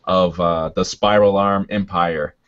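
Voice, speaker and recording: A man voicing a lofty cosmic knight who speaks in a booming, solemn, proclaiming manner. The voice is deep, and the recording is muffled and lo-fi. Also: steady tone, a little slow, fairly bright tone. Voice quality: echoing, booming. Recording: dull lo-fi recording.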